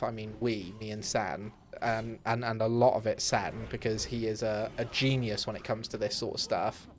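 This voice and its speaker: During a casual live stream, a young gamer talks from his home setup, rambling openly with frequent fillers and restarts. He has a mid-range voice, and a little hiss or hum can be heard.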